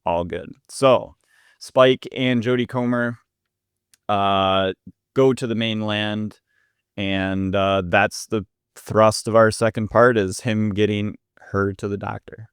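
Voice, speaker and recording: Low-voiced man casually recapping a film. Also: slow, clear, resonant tone, no room sound, studio quality. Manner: relaxed, recaps plot with many fillers. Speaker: podcast co-host. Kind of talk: casual film review chat.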